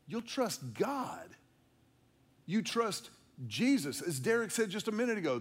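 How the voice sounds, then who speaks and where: A man preaching a conversational sermon, with playful asides and repeated words for emphasis. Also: sits high. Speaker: pastor.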